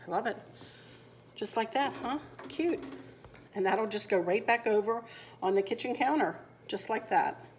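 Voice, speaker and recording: A woman's voice: a little high, normal speed, pauses often, a little hiss or hum. A woman chatting homily through a decorating tutorial in her kitchen, laughing easily as she works. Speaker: home decor vlogger. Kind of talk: casual crafting tutorial chat. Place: home kitchen.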